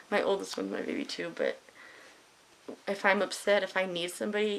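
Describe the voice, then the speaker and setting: Blunt, gravelly-voiced woman vlogger. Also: medium pitch, fairly even intonation, a little fast, pauses often, a little hiss or hum, low-quality recording. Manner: blunt and candid, swears freely. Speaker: beauty vlogger. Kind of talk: casual makeup tutorial chat.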